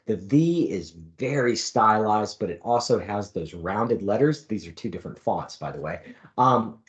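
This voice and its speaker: A man with a fairly low voice walks through a design demonstration as an instructor. He explains in a relaxed, easygoing way, with the odd filler and a light joke. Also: moderate pace, lo-fi sound. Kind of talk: screen-recorded design demo.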